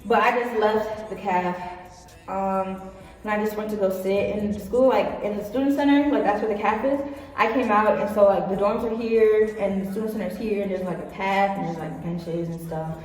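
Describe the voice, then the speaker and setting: A woman's voice: medium pitch, normal speed, a little mellow. A young woman telling a personal story in a casual vlog, rambling with lots of fillers and acting out what people said. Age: young adult. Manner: rambling, filler-heavy, acts out quotes. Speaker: vlogger. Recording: echoey room, far from mic, faint music.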